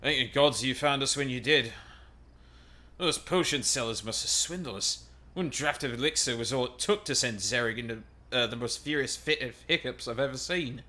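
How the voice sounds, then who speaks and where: A man's voice: medium pitch, normal speed, sharp tone, lightly acted. A man voicing a grateful male adventurer, reading the lines in a plain, earnest way. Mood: relieved.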